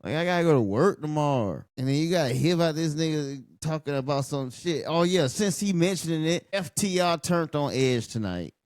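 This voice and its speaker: A man's voice: fairly high pitch, animated, brisk, few pauses, darkish tone, no echo, clean studio sound. A man reviewing a wrestling show late at night, tired, blunt and profane in his mocking running commentary. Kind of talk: casual ranting commentary over a live show.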